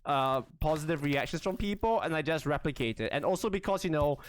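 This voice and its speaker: A young man livestreaming in a casual, rambling chat, excitable, often laughing and squealing, with lots of restarts. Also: on the high side, fairly quick. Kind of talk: casual live-stream chat.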